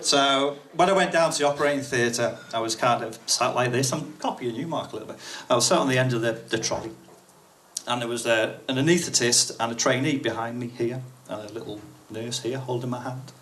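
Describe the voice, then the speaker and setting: A man's voice: medium pitch, brisk, fairly bright tone, a little hiss or hum. A man performing an amateur stand-up set, telling a story with swearing and acted asides. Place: packed comedy night venue.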